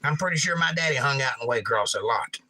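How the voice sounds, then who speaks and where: A man from Georgia with a hoarse voice, casually chatting on his livestream and reading viewer comments in a folksy, rambling way. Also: medium pitch, expressive, fast, over loud music, rough recording. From Georgia, USA. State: hoarse, damaged upper voice. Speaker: livestream host and pastor.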